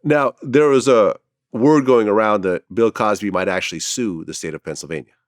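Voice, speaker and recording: Deep-voiced man asking probing questions. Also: normal speed, dry recording, clean studio sound. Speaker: interviewer host. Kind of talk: interview questions.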